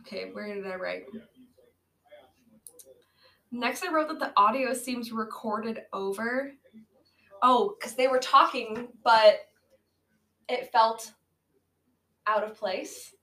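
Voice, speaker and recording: A woman's voice: fairly high pitch, slow, long pauses, pushed and bright. Sarcastic young-sounding woman in an echoey room. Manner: sarcastic, laughing, swearing freely. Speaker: podcast co-host. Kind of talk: casual movie-review chat. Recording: echoey room, amateur audio.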